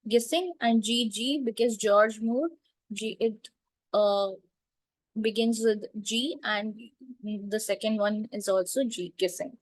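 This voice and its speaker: A woman teaching literature terms, repeating each point slowly and checking with "right?" and "clear?". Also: mid-range voice, dry recording, low-quality recording. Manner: slow, repetitive, checks understanding with "right?" and "clear?". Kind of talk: classroom lecture.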